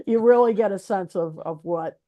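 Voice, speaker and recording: A woman's voice: mid-range voice, unhurried, warm tone. A woman co-hosting a casual music chat, talking enthusiastically with many fillers. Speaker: podcast co-host.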